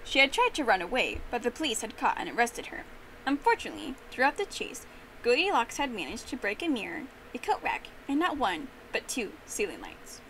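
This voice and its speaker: A young woman telling a memorized story with expressive, animated narration. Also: fairly high pitch, fairly quick, a little hiss or hum, low-quality recording. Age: young adult.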